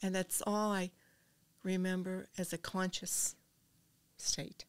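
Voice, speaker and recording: A woman's voice: fairly low pitch, flat delivery, slow pace, clear, resonant tone, no echo. An older woman, a podcast guest, earnestly telling a personal story and dropping to a whisper at tense moments.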